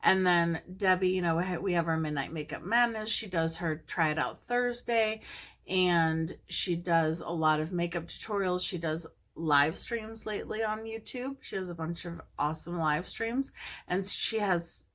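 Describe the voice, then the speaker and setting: A woman's voice: on the low side, normal speed, a bit bright. A woman hosting her own beauty channel, chatting casually and gushing enthusiastically about her friends and a makeup collaboration. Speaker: beauty YouTuber. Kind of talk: casual makeup vlog chat.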